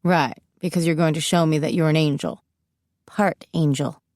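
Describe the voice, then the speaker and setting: A woman voicing a stunned, gentle young man in an audiobook, asking halting, disbelieving questions. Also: sits low, fairly even intonation, no room sound, clean studio sound, close to an everyday voice.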